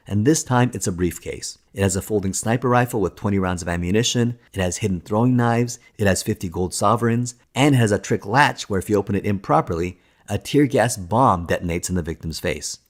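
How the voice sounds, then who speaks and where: Man, low pitch, scripted narration, film documentary, enthusiastic steady delivery. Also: fairly quick, hardly any pauses.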